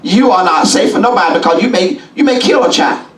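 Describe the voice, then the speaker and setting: A man preaching a sermon as bishop in a church, folksy and call-and-response, rising now and then into shouts. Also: high-pitched, lively intonation, fairly quick. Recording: echoey church from a distance.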